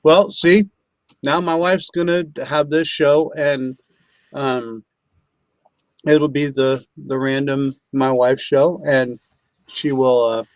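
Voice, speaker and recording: A man's voice: medium pitch, fairly even intonation, slow, no room sound. A man hosting a casual online chat show, rambling with many restarts and eating while he talks. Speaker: show host.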